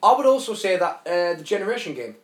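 A man's voice: high-pitched, fast. A tired man co-hosting a comedy podcast, joking and swearing in casual banter. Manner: jokey, animated, swears freely, does silly voices. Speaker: podcast co-host. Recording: echoey room.

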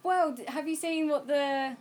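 A woman's voice: high voice, unhurried, darkish tone. A young British woman co-hosting a casual podcast, giggly and easygoing, chiming in often. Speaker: podcast co-host. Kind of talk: casual chat.

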